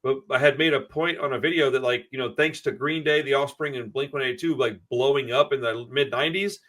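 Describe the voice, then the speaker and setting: A man talks quickly in a loose, profane way, spinning long anecdotes for friends on a podcast. His pitch sits in an ordinary middle range. He sounds relaxed and casual and jumps from tangent to tangent. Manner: profane, rambling storyteller.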